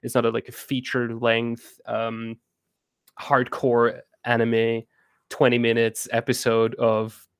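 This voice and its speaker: A man talking as a guest in a casual interview, halting with many restarts and fillers and laughing often. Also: medium pitch, monotone, clear, resonant tone, dry recording, studio quality. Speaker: game co-founder guest.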